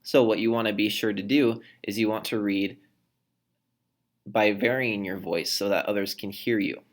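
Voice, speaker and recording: Guy teacher w/ a lowish voice walking through a lesson, shows stuff by reading it out. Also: fairly even intonation, normal speed. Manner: plain explaining, demonstrates with his voice. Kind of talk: recorded classroom lesson.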